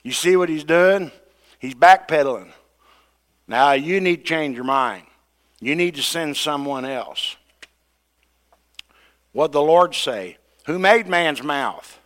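Retelling scripture in a sermon, this preacher takes it slowly and pauses often. He's dramatic, acting out quoted voices by raising his pitch and volume.

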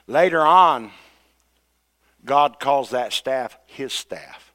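Man preaching, kinda high voice, acts out the lines he quotes. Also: measured pace, clear, resonant tone. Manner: dramatic, acts out quoted voices with rising pitch and loudness. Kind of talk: sermon.

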